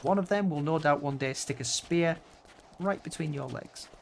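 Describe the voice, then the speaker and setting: A man's voice: on the high side, normal speed, slight background noise, pitched above the performer's own voice, lightly acted. A man reading a haughty, boastful dragon hunter. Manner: lofty, old-fashioned speech.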